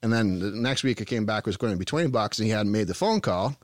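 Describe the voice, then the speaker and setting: Low-voiced Canadian man telling farm stories. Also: animated, fast talker, dry recording, studio quality. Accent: Eastern Canadian. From Ontario, Canada. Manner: folksy, jokey, rambling anecdotes. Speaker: farm business consultant, podcast guest. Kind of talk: casual storytelling.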